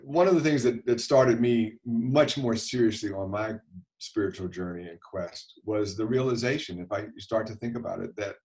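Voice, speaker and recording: A man, a physician guest on a podcast, speaking in a measured, thoughtful, reflective way. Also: on the low side, darkish tone, poor audio. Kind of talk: reflective interview talk.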